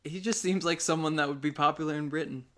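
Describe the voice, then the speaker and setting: A man's voice: on the high side, steady tone, fast talker, fairly bright tone. A man hosting a podcast in casual, joking chat with his co-host. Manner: joking, wry, chatty.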